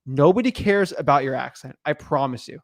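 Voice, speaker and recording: A man's voice: mid-range voice, expressive, a little fast, no echo. A young man co-hosting a live stream, talking emphatically and repeating his points. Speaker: co-host of a live real estate stream.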